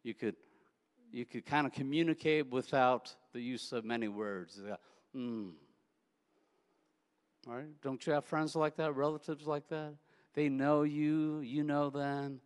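Brief: a male pastor preaching casually and anecdotally, mid-pitched, with echo from a church hall. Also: unhurried, clean tone. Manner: conversational, anecdotal, repeats words. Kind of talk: sermon. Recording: echoey hall.

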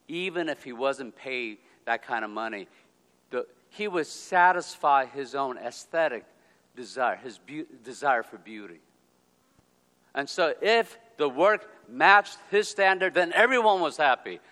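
A man telling a personal story in a talk, in slow, deliberate phrases broken by pauses. His voice is bright and forceful and sits at a middle pitch. It carries a long reverb from a hall. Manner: deliberate, drawn-out phrases with pauses, checks in with "okay?". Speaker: speaker giving a talk.

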